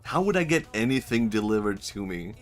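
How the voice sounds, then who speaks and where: A man's voice: lowish voice, very animated, a little fast, soft background music. A male streamer giving casual, joking commentary while playing a game, laughing often and swearing freely.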